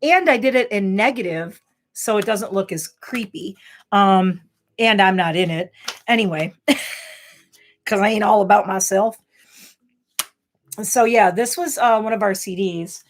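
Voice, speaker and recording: A woman in her forties chatting casually to camera, telling rambling stories with animated, exclamatory bursts. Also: mid-range voice, a little slow, pauses often, slight background noise. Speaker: vlogger.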